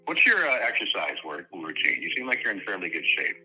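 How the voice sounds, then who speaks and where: A man's voice: low-pitched, big pitch swings, fairly quick, sharp tone, husky, soft background music, low-quality recording. A man calling in to a podcast, rambling and stammering, repeating his words as he talks. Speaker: caller. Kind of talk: call-in banter.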